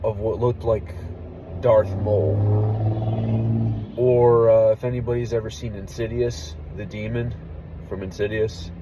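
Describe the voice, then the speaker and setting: A young man, an army veteran, telling a story casually and candidly, with plenty of swearing and a hushed drop in voice at the tense parts. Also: on the low side, flat delivery, slow pace, long pauses, noisy background. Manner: candid, profane, drops to a hush for tense moments.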